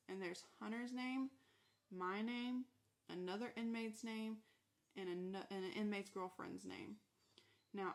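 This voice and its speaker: A woman telling her own story in a casual storytime monologue, candid and animated, acting out quoted dialogue with a Southern American way of speaking. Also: mid-range voice.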